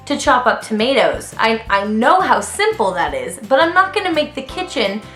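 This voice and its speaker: A young woman from Canada vents about customers in a fast, sarcastic, exasperated way, and she mimics them in mocking voices. Her voice sits fairly high and bounces around an echoey room. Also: big pitch swings, fairly bright tone, soft background music. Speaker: vlogger, waitress. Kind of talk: casual storytelling rant.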